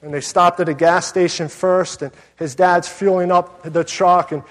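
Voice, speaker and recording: A man preaching a sermon as pastor, telling a story with lively acted-out asides and self-mocking humor. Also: sits high, normal speed, big-room sound.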